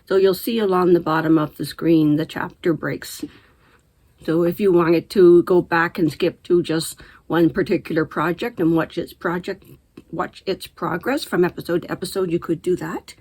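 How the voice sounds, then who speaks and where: Middle-aged lady rambling about her knitting, lowish voice, laughs a lot. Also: steady tone, normal speed, a little mellow, breathy edge. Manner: chatty, rambling, laughs easily. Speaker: knitting podcast host. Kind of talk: casual chat to camera.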